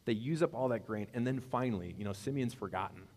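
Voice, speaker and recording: A man's voice: medium pitch, fast, darkish tone. A man preaching a sermon in a conversational way, asking his congregation questions as he retells a story. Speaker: pastor. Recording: long hall reverb.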